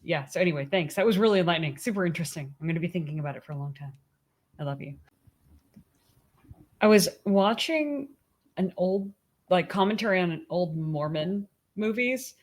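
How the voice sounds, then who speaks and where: A woman's voice: on the low side, lively intonation, a little fast. A woman co-hosting a podcast, chatting casually with her husband and thinking aloud with restarts. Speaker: podcast co-host.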